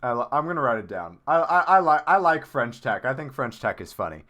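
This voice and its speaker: A man hosting a live-stream clip tournament in casual chat, excitable and rambling with lots of fillers. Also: mid-range voice, brisk.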